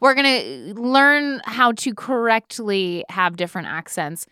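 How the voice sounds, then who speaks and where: Woman co-host, lively up-and-down delivery, playful teasing, dry close sound. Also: on the high side, smooth, no room sound. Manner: quick reactions, laughs, playful teasing. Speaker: podcast co-host. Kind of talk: casual chat.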